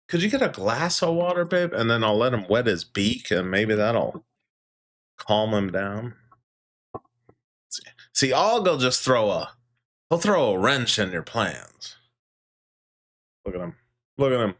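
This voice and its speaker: Lively chatty man hosting a stream. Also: medium pitch. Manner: joking, chatty, talks to his parrot and chat; laughs often, swears casually. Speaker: livestream host. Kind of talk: casual livestream chat.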